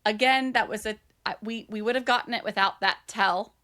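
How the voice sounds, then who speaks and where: A woman co-hosting a casual book podcast, eagerly retelling scenes with plenty of excitement. Her voice sits at a middling pitch, and she keeps the chat quick and friendly. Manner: enthusiastic, animated retelling with acted quotes. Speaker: podcast co-host.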